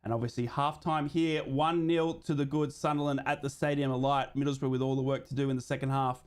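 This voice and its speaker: A man's voice: medium pitch, level tone, a little fast, smooth. A man hosting a live football watchalong, giving running play-by-play and reading out viewer comments. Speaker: host of a live match watchalong stream.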